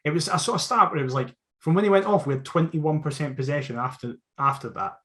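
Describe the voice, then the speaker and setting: A Scottish man talks football on a podcast in a slightly raised voice. He swears freely and gives blunt, lively opinions. The talk is casual and fast to react. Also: a little high. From Scotland. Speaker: podcast co-host.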